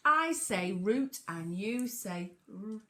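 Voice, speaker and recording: A woman teacher leading a phonics lesson for young children, speaking clearly and encouragingly in call-and-response. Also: medium pitch, lively intonation, takes it slowly, pushed and bright, a little hiss or hum.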